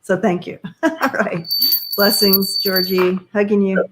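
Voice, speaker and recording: Woman giving halting tarot readings. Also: medium pitch, steady tone, heavy background noise. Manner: halting, searching for words, many fillers; encouraging, gives gentle advice. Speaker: tarot reader. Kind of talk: live-stream card reading.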